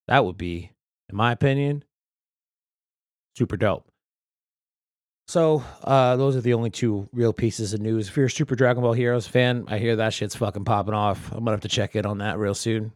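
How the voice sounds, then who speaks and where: A man's voice: mid-range voice, a little mellow, no room sound, studio quality. A man hosting a casual solo podcast, talking in a loose, rambling way that is full of profanity. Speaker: podcast host.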